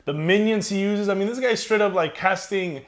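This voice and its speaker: A man's voice: sits high, normal speed. A man co-hosting a casual movie review chat, chatty and chiming in often. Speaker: co-host.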